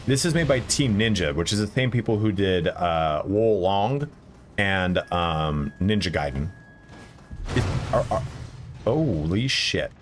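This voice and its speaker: A man's voice: low-pitched, animated, a little slow, a little hiss or hum. A man streaming a video game, chatting casually with viewers and swearing when the game beats him. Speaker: gaming streamer. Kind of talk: casual live-stream commentary while playing. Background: faint game music.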